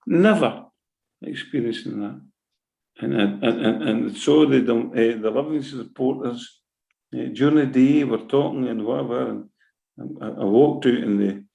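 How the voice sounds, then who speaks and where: A middle-aged man with a Scottish accent speaks in an emotional, animated interview. His voice is gravelly, and he keeps circling back with "right?" and "eh?" as he tells his stories. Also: medium pitch, rough recording. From Scotland. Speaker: football manager.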